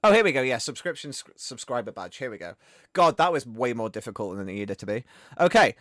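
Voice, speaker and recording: A man hosting a game stream, chatting casually in a rambling, animated way. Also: mid-range voice, fast talker, no echo, clean studio sound. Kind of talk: casual chat.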